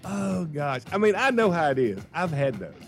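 A man's voice: fairly high pitch, big pitch swings, moderate pace, vocal fry, faint music behind. A man co-hosting a morning radio show, telling a story and acting out both sides of the conversation. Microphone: studio microphone.

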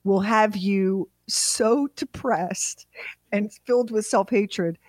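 A middle-aged woman co-hosting a radio show, telling a funny story in a casual, animated way with laughing asides. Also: medium pitch, slow, no echo.

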